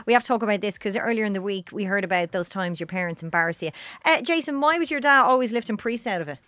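A woman's voice: medium pitch, animated, fast, pushed and bright, no echo. A woman hosting a chat show, leading the conversation and asking questions. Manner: leads the talk, asks questions. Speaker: show host. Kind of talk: casual chat.

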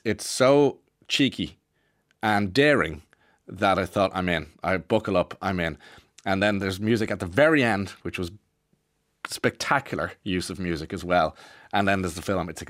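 A man's voice: sits low, fairly bright tone, no echo, clean studio sound. An Irish man presenting a radio show, chatting casually in a rambling way with lots of restarts and asides. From Ireland. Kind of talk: casual monologue.

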